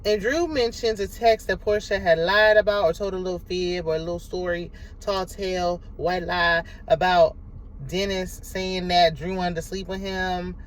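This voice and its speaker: A woman's voice: fairly low pitch, normal speed, low-quality recording. Sassy woman recapping reality TV. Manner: sassy, animated, talks back at the cast. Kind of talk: casual show recap and commentary.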